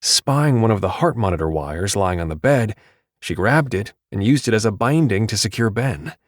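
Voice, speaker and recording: This is a low-voiced male audiobook narrator who keeps a measured, even pace. The sound is intimate and dry, recorded in a studio without any echo.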